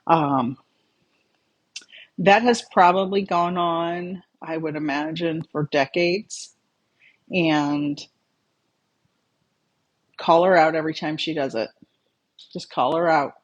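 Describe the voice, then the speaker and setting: A medium in a casual livestream chat, calmly reading out viewer comments and answering with advice. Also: mid-range voice, slow, pauses often, dull audio. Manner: calm, conversational, reads out viewer comments and replies.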